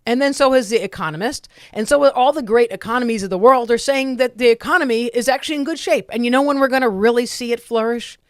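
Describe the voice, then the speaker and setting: A woman's voice: fairly high pitch, fast talker, hardly any pauses, no echo, clean studio sound. A woman comedian hosting a podcast, ranting and mimicking people in casual political chat. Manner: animated, ranting, mimics people with put-on voices. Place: comedy club.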